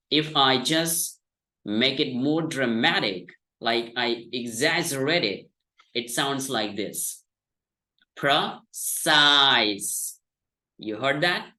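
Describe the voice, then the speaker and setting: A man's voice: mid-range voice, a bit bright. A man teaching an online English lesson, explaining patiently and exaggerating stressed syllables to demonstrate. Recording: echoey room.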